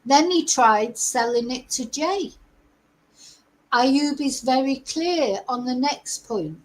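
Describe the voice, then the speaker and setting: A woman's voice: sits high, lively intonation, slow, rough recording. A middle-aged woman, hosting a chatty live-stream commentary, reading out news and asking her viewers rhetorical questions. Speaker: host.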